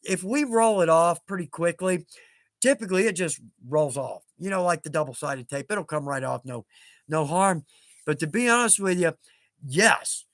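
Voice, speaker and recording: A man in his fifties hosts a casual livestream, his voice sitting high for a man. He rambles through stories in a chatty, self-mocking way, chuckling often. The sound is close and dry. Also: animated, moderate pace, fairly bright tone, dry recording. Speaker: livestream host.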